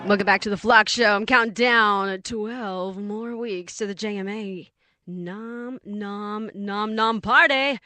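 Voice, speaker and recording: A woman's voice: medium pitch, fairly even intonation, slow, pushed and bright, dry recording. A chatty woman from Texas with a Texan accent hosts an indie radio show, rambling off on tangents as she introduces songs. Her voice sits in a middle range and is recorded close and dry, with no room sound around it. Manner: rambling and chatty, loses her train of thought. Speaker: radio host. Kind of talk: casual radio chat between songs.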